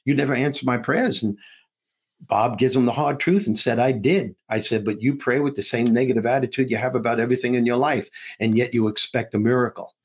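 A man, a guest author and comedian, telling an animated story in an interview and acting out the lines of his characters. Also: medium pitch, a little fast, breathy edge. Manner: acts out dialogue between characters, laughing often.

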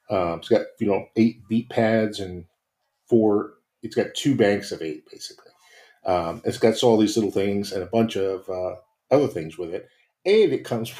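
A man with a fairly low voice talks casually and at length on a podcast. His delivery is loose and rambling, full of "you know" and "um". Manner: rambling, relaxed, many fillers. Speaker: podcast co-host. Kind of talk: casual chat.

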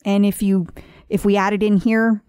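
A woman's voice: medium pitch, level tone, normal speed, a little mellow, clear, resonant tone, no echo, clean studio sound. A woman hosting a podcast, talking earnestly and emphatically in a casual chat and often repeating herself. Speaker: podcast host.

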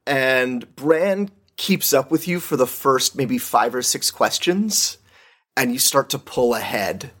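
A man running a tabletop game as game master, narrating in a relaxed, laid-back way with lots of fillers. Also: mid-range voice, slow.

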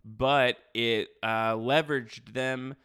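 Chatty man recapping, bright and smooth. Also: mid-range voice, steady tone, takes it slowly. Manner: chatty, recaps with acted quotes and fillers. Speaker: podcast host. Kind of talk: casual recap chat.

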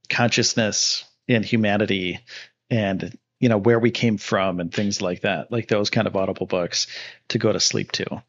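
A man hosting a livestream in casual chat, easygoing and rambling as he talks to viewers. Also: fairly low pitch. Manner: rambling and easygoing, with frequent fillers and restarts. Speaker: livestream host. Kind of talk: casual live-stream chat, reading chat and an ad. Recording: dull lo-fi stream audio.

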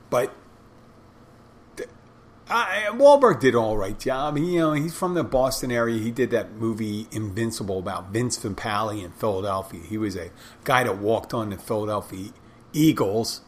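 A man's voice: on the low side, expressive, moderate pace, a little hiss or hum. A man hosting a podcast, talking on his own in a rambling, conversational way and often correcting himself mid-sentence. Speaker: podcast host. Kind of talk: casual solo podcast monologue.

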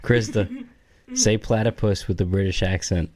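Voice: low voice, huge pitch swings, moderate pace, darkish tone. A podcast co-host who keeps pushing the guest to try accents. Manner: pushy, keeps prompting the guest. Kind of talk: casual comedy podcast banter.

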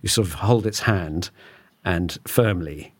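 A man's voice: low-pitched, slow pace, breathy edge, no room sound. A man hosting a studio podcast in casual chat, jokey and rambling, often restarting sentences. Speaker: podcast host.

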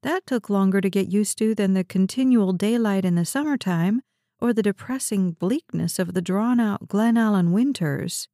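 Mellow-voiced woman narrating a story. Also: medium pitch, no room sound, clean studio sound. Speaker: audiobook narrator. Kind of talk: scripted narration.

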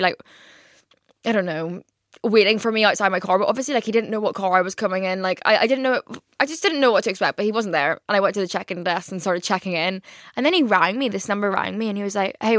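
A young woman hosting a podcast, telling stories in a chatty, rambling way full of fillers and lively quoted asides. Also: medium pitch, dry recording, studio quality. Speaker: podcast host. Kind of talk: casual chat.

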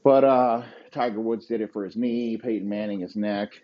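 A man's voice: lowish voice, fairly even intonation, normal speed, highs cut off. A man hosting a podcast, ranting in crude, rambling riffs and laughing at his own jokes. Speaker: podcast host. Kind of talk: profane comedic rant.

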